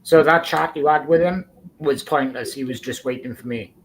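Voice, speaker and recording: A man's voice: medium pitch, normal speed, slight background noise, rough recording. Taunting man on a stream call. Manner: taunting, mocking. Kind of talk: casual chat.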